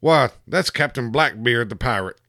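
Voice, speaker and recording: A man voicing a panicky male ship captain who yells every line. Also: medium pitch, expressive, moderate pace. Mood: terrified. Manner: yelling.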